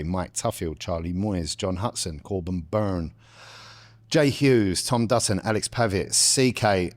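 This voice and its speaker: A young man, co-hosting a casual podcast and swearing freely in quick banter. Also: lowish voice. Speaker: podcast co-host.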